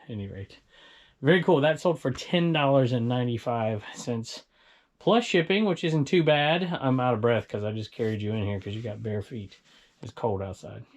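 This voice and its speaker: A man's voice: medium pitch, normal speed. Chatty man rambling through a vlog. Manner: rambling, chatty, chuckles to himself. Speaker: online reseller showing sold items. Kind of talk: casual vlog walkthrough. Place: indoor storage room with bins.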